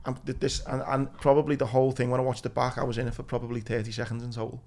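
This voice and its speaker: A man hosts a relaxed podcast chat. His pitch is ordinary for a man. He rambles on loosely with plenty of filler words. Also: rapid-fire. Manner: rambling, drops in "like" and "mate". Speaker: podcast host.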